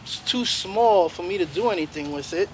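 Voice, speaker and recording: A man voicing a big, worried grizzly bear in a low, soft, heavy voice, outdoors with traffic behind. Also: animated, normal speed. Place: outdoors by a road. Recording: loud outdoor traffic noise. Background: traffic noise.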